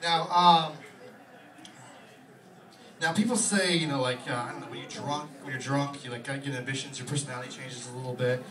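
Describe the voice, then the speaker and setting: In a small pub, a young stand-up comic rambles through his set at a rapid clip, packing it with fillers. His medium-pitched voice stays steady, caught by a distant mic in an echoey bar room over a loud crowd.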